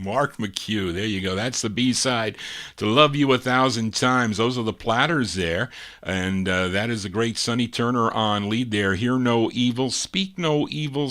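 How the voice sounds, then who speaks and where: A man hosting a live vinyl record show as DJ, calmly announcing song details and listener requests between records. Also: on the low side. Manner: unhurried, lists record details between songs. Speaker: radio DJ.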